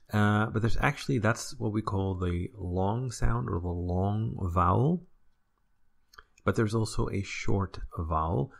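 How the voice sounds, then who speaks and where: Male teacher, low gravelly voice, relaxed explainer, casual video lesson. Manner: relaxed, explanatory, frequent "uh" and "right?". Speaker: language teacher.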